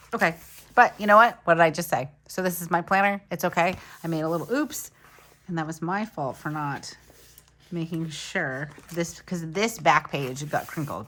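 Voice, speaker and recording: A woman vlogger with a low, gravelly voice talks casually through a crafting tutorial at her desk. She narrates every step and shrugs off her little mistakes. A faint background noise sits under her voice. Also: fairly bright tone. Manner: chatty, narrates each step, laughs off mistakes. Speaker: planner vlogger.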